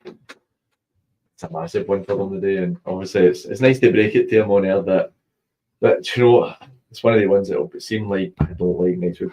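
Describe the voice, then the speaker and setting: A Scottish man hosting a football show, chatting casually with banter and quick asides. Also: low-pitched, warm tone. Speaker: radio football show host. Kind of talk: casual sports chat. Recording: muffled lo-fi stream audio.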